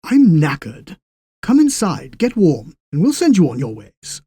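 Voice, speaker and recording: A man's voice: fairly high pitch, wildly swooping pitch, a little slow, mellow, husky, dry recording, voice pushed up, exaggerated voice. Man voicing an unflappable old station master. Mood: affable. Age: 60s. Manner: dry, formal and unruffled.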